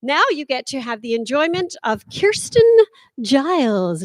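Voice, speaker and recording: A woman presenting a workshop on performance tips in an energetic, demonstrative way. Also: high voice, unhurried, dry recording.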